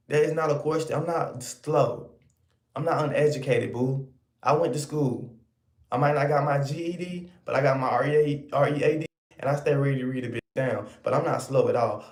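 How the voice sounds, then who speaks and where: A man rants at his viewers in a sassy, scolding way, circling back to the same points again and again. His voice is gravelly and mellow. The sound carries the echo of a bare room. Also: mid-range voice. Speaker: online commentator. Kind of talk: ranting commentary to viewers.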